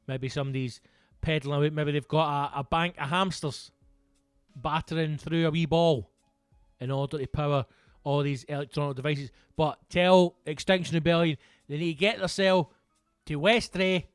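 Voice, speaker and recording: A man's voice: fairly high pitch, fairly even intonation, moderate pace, smooth, no echo, soft background music. A Scottish man hosting a podcast alone, rambling through casual comedic chat with lots of swearing and jokes. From Scotland. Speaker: podcast host.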